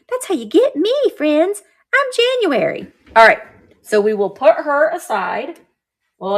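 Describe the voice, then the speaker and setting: A woman's voice: on the high side, a bit bright. A woman hosting a live vintage sale stream, talking chattily and describing each item as she handles it. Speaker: host selling vintage items live.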